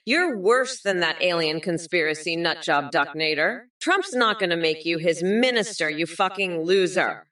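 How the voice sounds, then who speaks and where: Brief: bright, sharp-toned AI woman, swearing roast, sounds set back from the mic. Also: fairly low pitch, expressive, normal speed, few pauses, distant mic. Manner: taunting, swearing. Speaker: AI politician persona roasting chat. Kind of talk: profane scripted insult rant.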